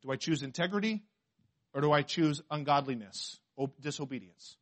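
The male pastor speaks at a normal pace in a voice on the high side, preaching with emphasis. Rhetorical questions abound as he moves between soft asides and forceful declarations.

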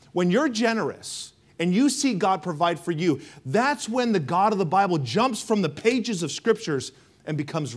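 A man preaching a sermon, emphatic and rhythmic, calling on the congregation to respond and swinging between loud and hushed delivery. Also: sits high. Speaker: pastor.

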